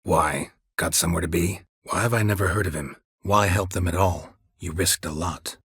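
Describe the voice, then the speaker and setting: An actor playing a gruff, laconic middle-aged monster hunter in a game, with a husky voice and clipped, dryly sarcastic questions. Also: male voice, moderate pace, a bit bright, no echo, full character voice. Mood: terse, dry. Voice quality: husky, gravelly low voice. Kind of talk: game voice acting. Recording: dry close studio recording.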